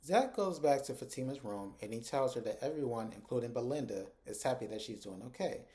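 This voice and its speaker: A man recaps a TV episode in a casual, chatty way. His mellow, warm voice swings up and down a lot. He throws in animated asides as he retells each scene. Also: medium pitch, fairly quick. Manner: animated retelling, acting out characters' lines with asides.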